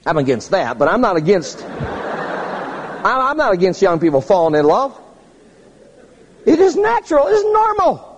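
A man preaching a humorous sermon, telling stories in an animated way and jumping to squeaky high tones for effect. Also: measured pace, pauses often, big-room sound, lo-fi sound, background noise.

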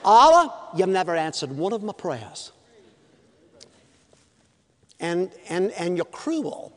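A preacher voicing an earnest young man in his twenties, speaking low and quietly as he pleads. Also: very animated, slow pace, in a large hall, heavily acted. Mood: anguished.

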